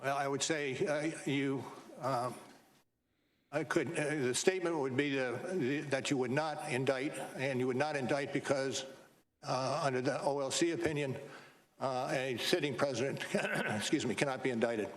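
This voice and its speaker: Halting witness, man, terse answers. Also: medium pitch, steady tone. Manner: halting, hesitant, many pauses and short answers. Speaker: witness testifying. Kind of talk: hearing testimony. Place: hearing room.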